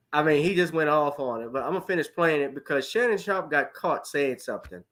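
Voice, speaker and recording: A man's voice: a little high, a bit bright. Man hosting casual sports commentary. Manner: loose, conversational. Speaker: commentary host.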